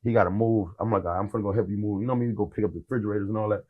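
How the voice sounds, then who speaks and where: A man's voice: on the low side, steady tone, racing, phone-quality sound. Laid-back man telling stories. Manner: laid-back, rambling with many fillers and acted-out quotes. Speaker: rap artist guest. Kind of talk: casual storytelling interview.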